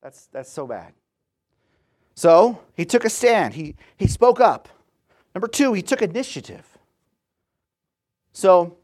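A man's voice: high-pitched, a little mellow. A man in his thirties preaching a sermon, telling stories in a conversational way and retelling scripture in casual slang. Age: 30s.

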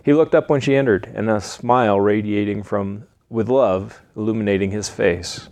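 A man reading a story aloud in an earnest, slightly halting way with small slips. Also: on the low side, steady tone, darkish tone, dry recording. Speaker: narrator.

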